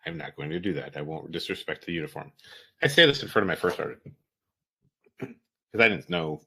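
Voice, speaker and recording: A man's voice: deep voice, a little fast, gravelly, husky. A man, a military veteran, telling a story in casual, profane talk and acting out the dialogue of the people in it. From United States. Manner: profane, animated, acts out quoted dialogue. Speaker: veteran guest.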